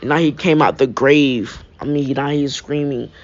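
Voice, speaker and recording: A man's voice: medium pitch, fairly even intonation, unhurried. A young man improvising a fan-fiction story, rambling with frequent restarts and filler phrases. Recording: dull lo-fi mic.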